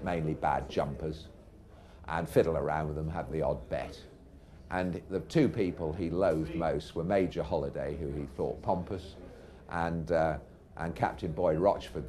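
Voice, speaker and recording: A man's voice: rumbling low, warm tone. A middle-aged man, a racehorse trainer, telling anecdotes in a dry, erudite way to a live audience in a pub. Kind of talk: anecdotal storytelling.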